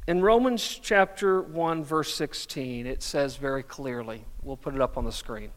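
A man's voice: on the high side, lively intonation, normal speed, few pauses, in a large hall. A middle-aged male pastor preaching a sermon, telling stories with self-deprecating humor. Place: church sanctuary.

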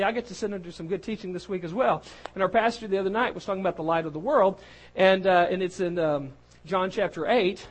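A man's voice: sits high, slightly rough, rough recording. A man preaching a sermon, talking in a conversational way that builds in force. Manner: conversational preaching, grows louder and more emphatic.

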